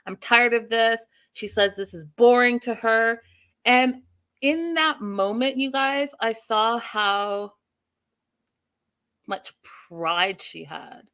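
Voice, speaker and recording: A woman's voice: a little high, slow pace. Opinionated woman recapping a show. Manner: opinionated, animated, addresses viewers directly. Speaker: host. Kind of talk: casual recap and commentary.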